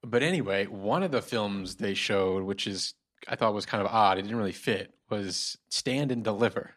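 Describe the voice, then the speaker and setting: A man's voice: on the low side, moderate pace, fairly bright tone. A man co-hosting a podcast, telling a long, rambling story in casual chat. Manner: rambling, full of fillers and restarts. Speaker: podcast co-host.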